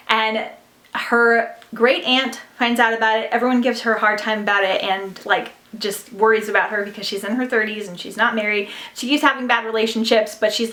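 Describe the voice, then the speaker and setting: A young woman reviews audiobooks in a chatty, gushing way, her talk full of fillers. Her voice sits a little high. The sound has a roomy echo around it. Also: a bit bright. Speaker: book vlogger. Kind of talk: casual book review chat.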